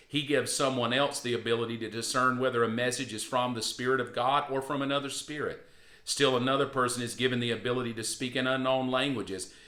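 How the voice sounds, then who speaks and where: A man's voice: mid-range voice, pushed and bright, reverberant. A man preaching a devotional sermon, earnest and encouraging, and building to emphatic peaks. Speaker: pastor.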